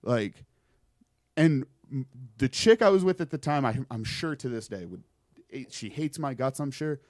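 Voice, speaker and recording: A man's voice: medium pitch, normal speed, dry recording, studio quality. Swearing young man telling a creepy story. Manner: rambling, swearing, animated retelling. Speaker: podcast guest. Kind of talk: casual storytelling.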